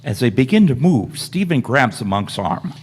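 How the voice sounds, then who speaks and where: A man reads the stage directions of a live radio play in a plain, steady voice. His tone is slightly husky. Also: medium pitch, moderate pace. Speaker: narrator.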